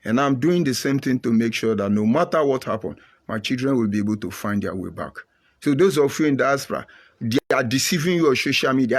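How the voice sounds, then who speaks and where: A man's voice: mid-range voice, fairly quick. A middle-aged Nigerian man speaking with an emphatic, preachy drive. He hammers his points home and often repeats them. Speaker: commentator. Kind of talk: impassioned monologue.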